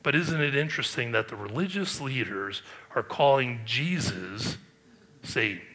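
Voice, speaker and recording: A man's voice: mid-range voice, expressive, a little slow, pushed and bright. A man preaching a sermon, earnest and emphatic, with rhetorical questions. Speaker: pastor.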